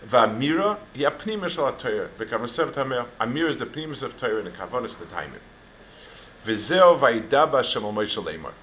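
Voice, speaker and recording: A man giving a Torah class, talking in halting runs with many restarts and Hebrew and Yiddish terms mixed in. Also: medium pitch, very animated, fairly bright tone, muffled recording, a little hiss or hum. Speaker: Torah teacher.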